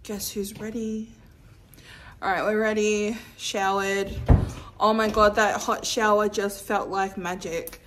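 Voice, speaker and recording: A woman's voice: medium pitch, level tone, slow pace. A woman, vlogging by phone in a hall at night, bubbly and affectionate. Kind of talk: casual vlog chat. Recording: loud background noise.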